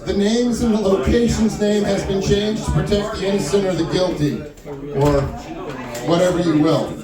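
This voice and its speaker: A man performing stand-up, telling a story in an animated way and acting out the other people's lines. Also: high-pitched, moderate pace, over music. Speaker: stand-up comedian. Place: small wine lounge stage. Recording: echoey room with mic far off, crowd audible. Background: audience laughter and crowd chatter.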